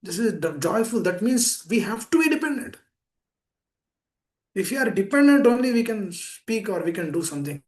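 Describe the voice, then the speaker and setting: A man giving a sermon over an online meeting call, emphatic and pleading, swinging between raised urgent lines and hushed low ones. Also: expressive, fairly quick. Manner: repeats pleading appeals to the listeners. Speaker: preacher.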